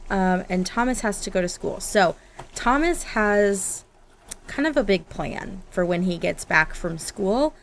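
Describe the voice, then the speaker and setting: A woman's voice: mid-range voice, lively intonation, measured pace, slight background noise. Giggly woman chatting over gameplay. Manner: chatty, giggly, talks to her game characters. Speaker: gaming YouTuber. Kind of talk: casual gameplay commentary. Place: home office.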